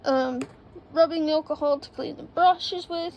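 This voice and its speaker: A woman chatting casually to camera in an RV, high and gravelly in tone. She talks slowly and drifts from thought to thought, filling gaps with ums. Faint background noise sits under the camera mic. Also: darkish tone, low-quality recording. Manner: rambling, lots of ums and trailing thoughts. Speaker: vlogger. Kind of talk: casual vlog chat. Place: indoors in an RV.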